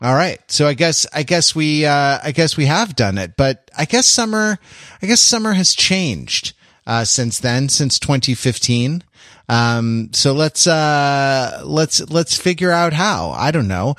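A man's voice: fairly high pitch, big pitch swings, measured pace, a bit bright, no room sound, studio quality. A man hosting a podcast in casual chat, rambling with many fillers and restarts. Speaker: podcast host.

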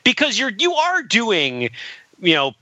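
A man co-hosting a casual film discussion podcast, animated and quick to laugh between points. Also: very high-pitched, dry recording, lo-fi sound. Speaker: podcast co-host.

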